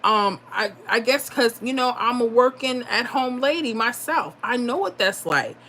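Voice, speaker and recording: A woman's voice: on the high side, lively intonation, measured pace, fairly bright tone, slight background noise. A middle-aged woman hosts a live stream in a casual, chatty way, reading viewer comments aloud. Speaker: livestream host giving lottery picks. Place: home.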